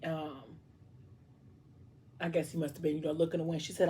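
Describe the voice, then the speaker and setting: A woman's voice: sits low, little pitch movement, moderate pace, long pauses, darkish tone. A young woman reading a book aloud and recapping it in a casual, chatty way with asides. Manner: conversational, with many fillers and asides. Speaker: book reader.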